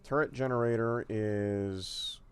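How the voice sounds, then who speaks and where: A man's voice: on the low side, slow, slight background noise. A man streaming a strategy game, thinking aloud casually with fillers and the odd swear word. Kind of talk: gameplay commentary, reading dialogue aloud.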